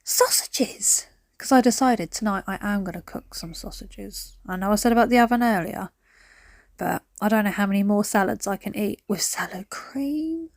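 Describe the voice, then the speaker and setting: A woman's voice: mid-range voice, moderate pace, dry recording. Chatty woman with dry sound. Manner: rambling, animated storytelling with sudden whispered asides. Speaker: cleaning vlogger. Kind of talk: chatty vlog monologue. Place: at home, indoors.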